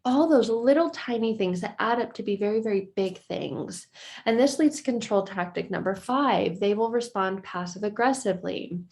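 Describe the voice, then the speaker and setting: A woman talks straight to the viewer in an earnest advice-video style, her pitch sitting in the middle of the range. She slips into quick, lilting voices when she acts out quoted exchanges. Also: a little mellow. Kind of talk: talking-head advice video.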